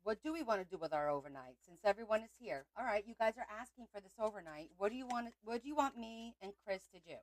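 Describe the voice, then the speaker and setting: A woman's voice: mid-range voice, expressive, fast, hardly any pauses, poor audio. A woman hosting a craft livestream, chatting casually and rambling as she talks to viewers.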